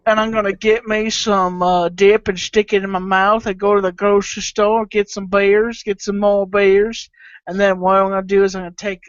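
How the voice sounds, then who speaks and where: A man's voice: sits high, flat delivery, normal speed, smooth, dry recording, close to an everyday voice. A man voicing a mock rowdy redneck man in a put-on Southern US accent, rattling off rambling boasts over dull lo-fi audio. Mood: boastful.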